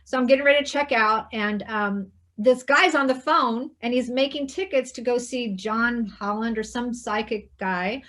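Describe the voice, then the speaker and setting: Woman host, slightly high voice, quiet heartfelt storytelling with quoted lines. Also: moderate pace, few pauses. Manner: soft, hushed retelling with quoted dialogue. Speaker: interview host. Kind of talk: personal storytelling in conversation.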